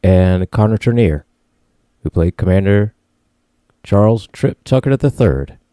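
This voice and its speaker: Deep, mellow laid-back man co-host. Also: expressive, a little slow, no echo, clean studio sound. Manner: laid-back, rambling, laughs easily. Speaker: podcast co-host. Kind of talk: casual podcast review chat.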